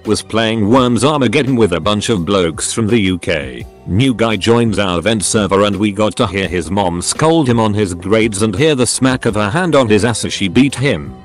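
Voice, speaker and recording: A man reading out online stories in a steady scripted narration. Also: on the low side, moderate pace, soft background music.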